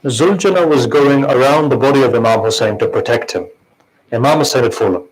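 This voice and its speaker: Man, preacher, mourning sermon, impassioned, conversational, asks the crowd questions, mid-pitched voice. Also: brisk, husky, low-quality recording.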